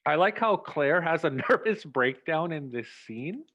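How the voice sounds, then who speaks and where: A man directing a community play, giving rehearsal notes in an animated way and acting out lines. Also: a little high, unhurried. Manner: animated, acts out lines, chuckles often. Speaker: theatre director. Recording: dull, dry lo-fi sound.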